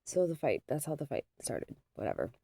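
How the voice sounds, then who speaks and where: A woman's voice: sits low, huge pitch swings, brisk, dark tone, breathy edge, no echo. A woman telling a story as a mother, in a casual, rambling, self-deprecating way with lots of fillers.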